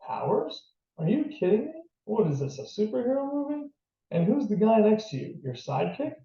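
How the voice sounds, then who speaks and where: Man reading as a sharp, skeptical middle-aged nurse, storybook reading, gravelly, pitched up, distant roomy lo-fi sound. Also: moderate pace. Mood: incredulous. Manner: sharp and incredulous.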